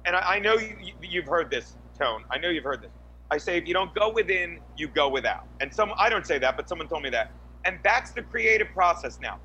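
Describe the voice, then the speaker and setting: A man on a podcast rambles through a crude, restless rant, full of swearing and restarts. His voice sits high and sounds bright and forward. A faint hum runs behind him. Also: very animated, a little fast, dull audio. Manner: many restarts and fillers. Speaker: podcast co-host, guest. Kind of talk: crude casual podcast chat.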